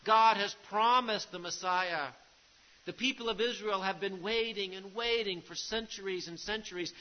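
Male preacher, higher than usual pitch, emphatic sermon delivery, muffled lo-fi recording. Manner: emphatic preaching, repeats key phrases, drops to a hush on grave lines.

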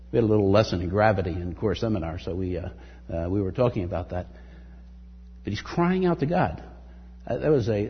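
A man preaching in a long, echoing hall, his voice very husky and breathy. The sound is dull and muffled. He reads scripture with rising emphasis and speaks earnestly between verses. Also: mid-range voice. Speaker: pastor. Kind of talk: sermon.

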